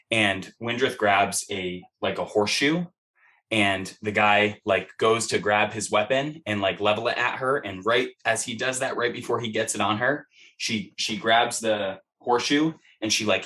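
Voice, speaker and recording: A man's voice: lowish voice, pushed and bright. A man running a tabletop game as game master, narrating a scene in vivid, profane, rambling fashion with many fillers.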